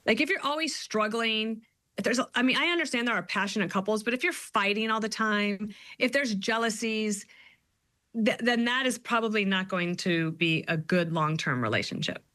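A middle-aged woman, a guest author, talking in an animated, storytelling way. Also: medium pitch, no echo. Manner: animated storyteller, quick asides. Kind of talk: conversational interview.

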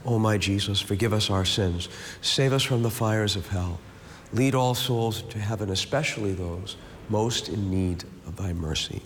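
Man reciting the rosary, long reverb. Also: on the low side. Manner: steady rhythmic recitation, falling on each amen; slow reflective speaking in the meditation. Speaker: prayer leader. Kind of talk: leading a recited rosary with a meditation. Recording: long reverb, faint background hiss.

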